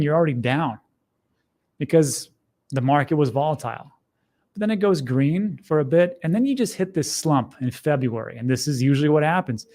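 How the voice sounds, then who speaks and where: A middle-aged man talks through what is on his screen in a loose, conversational way. His voice sits a little higher than most men's, and he drops in wry, sardonic asides as he goes. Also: a little mellow. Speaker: host. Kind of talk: casual screen-share commentary.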